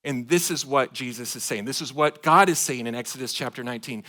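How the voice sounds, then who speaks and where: A man from Michigan preaching a sermon to his congregation, swinging between loud emphatic points and quiet asides. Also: mid-range voice, brisk, hardly any pauses. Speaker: pastor. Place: church sanctuary.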